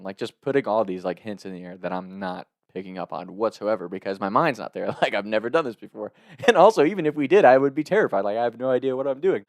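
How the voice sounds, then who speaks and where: A man's voice: lowish voice, quick pace, dry recording, clean studio sound. Laughing young-sounding man telling a story. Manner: laughs often, animated, swearing, filler-heavy. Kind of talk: casual comedic storytelling.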